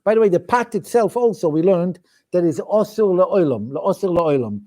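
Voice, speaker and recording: A man's voice: high-pitched, expressive, moderate pace, dark tone. A man with a Yiddish-inflected English accent, a rabbi teaching a weekly study class in a chanting cadence, often restarting his sentences. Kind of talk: Talmudic study lecture.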